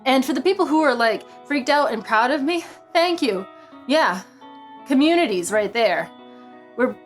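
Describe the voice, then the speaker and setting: A woman vlogging casually to her viewers, dramatic and self-mocking, repeating exclamations under her breath. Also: on the high side. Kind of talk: casual vlog talking to camera.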